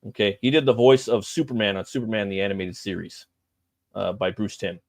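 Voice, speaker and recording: Low-voiced, profane man hosting a stream. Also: fairly quick, creaky, no echo, studio quality. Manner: loose, profane, rambling with fillers. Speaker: livestream host. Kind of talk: casual live-stream chat.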